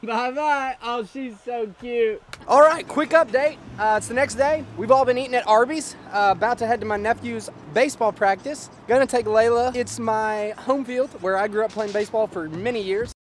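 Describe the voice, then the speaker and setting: A man's voice: very high-pitched, a little fast, hardly any pauses, a little hiss or hum. A young man chatting casually to the camera as a family vlogger, upbeat and easygoing. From Tennessee. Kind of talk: casual vlog narration to camera.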